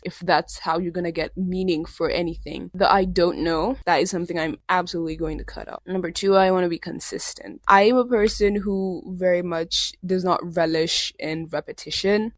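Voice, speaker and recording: A woman's voice: on the low side, no room sound. A young woman with a sick voice hosting her own podcast, talking candidly and rambling in casual solo chat. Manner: rambling, candid, self-deprecating. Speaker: podcast host.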